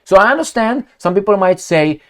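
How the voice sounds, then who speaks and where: A man's voice: high voice, animated, a little fast, fairly bright tone. A man with a non-native accent hosting an opinionated commentary vlog, firing rhetorical questions at the viewer in a ranting way. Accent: non-native accent of English. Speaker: political commentary host.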